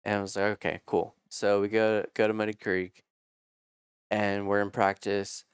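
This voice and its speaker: Man, 30s, low smooth voice, dry close sound; casual storyteller who curses and acts out quotes. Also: moderate pace, dry recording. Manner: animated, swears freely, acts out quotes. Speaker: podcast guest telling racing stories.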